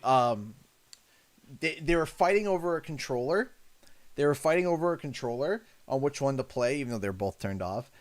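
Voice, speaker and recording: A man in his thirties rambles through a gaming livestream from his home setup. He tells stories with a swinging, lively pitch, breaking into laughter and acting out other people's voices. His voice sits in a middle register. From Canada. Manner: chatty, laughing storyteller, acts out voices. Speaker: livestreaming gamer. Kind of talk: casual livestream chat.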